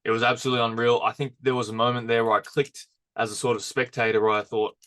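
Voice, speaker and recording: A man's voice: medium pitch, flat delivery, quick pace, a bit bright. A man co-hosting a podcast, telling stories in a laid-back way and laughing easily. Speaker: podcast co-host. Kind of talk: casual chat.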